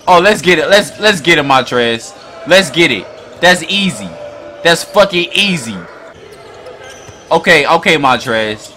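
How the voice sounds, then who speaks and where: A man hosting a basketball reaction video, talking in a loud, hyped, profane way and often shouting at the screen. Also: on the high side, lively intonation, unhurried, slight background noise. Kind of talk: excited basketball reaction commentary.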